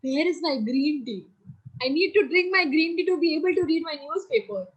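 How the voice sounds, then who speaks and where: A woman's voice: high voice, fairly quick, highs cut off, natural voice. A woman voicing an elderly grandmother who insists on her tea, over a video call. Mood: fussy.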